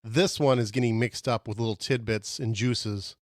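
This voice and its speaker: A man co-hosting a podcast, reviewing fast food in casual chat and making his case with animated, argumentative energy. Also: medium pitch, no room sound, studio quality. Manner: animated, argumentative, talks with mouth full. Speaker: podcast co-host.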